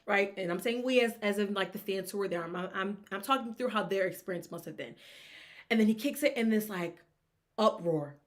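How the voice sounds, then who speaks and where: A woman hosts a casual sports talk show on her own. She talks in an animated, rambling way and drifts off on tangents. She acts out the reactions of fans as she goes. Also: medium pitch, fast talker. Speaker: sports podcast host.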